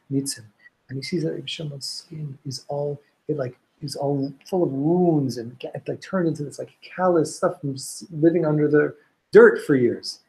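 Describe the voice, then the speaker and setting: Male Torah teacher, slightly raised pitch, lively storytelling class voice. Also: poor audio. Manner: storytelling, animated, many restarts, Hebrew and Aramaic quotes. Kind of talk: informal Talmud class.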